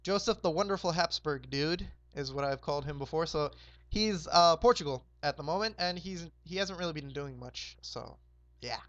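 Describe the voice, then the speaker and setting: A hoarse young man hosting a roleplay game, casually recapping the map in a rambling, laid-back way with lots of fillers. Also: a little high, normal speed, fairly bright tone, no room sound, dull audio. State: hoarse, sore throat.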